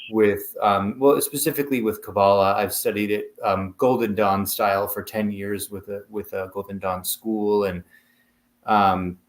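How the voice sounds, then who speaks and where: A man's voice: lowish voice, roomy sound. A man on a spiritual panel over a video call, speaking thoughtfully and hesitantly, with many fillers.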